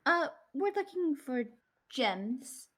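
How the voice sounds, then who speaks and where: A woman's voice: high voice, sing-song, takes it slowly, fairly bright tone. A woman playing a tabletop game, polite and chatty. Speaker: player.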